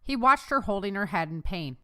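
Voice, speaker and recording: Smooth-voiced woman narrating a novel. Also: mid-range voice, lively intonation, a little fast, bright, forceful tone. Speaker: audiobook narrator. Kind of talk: scripted narration.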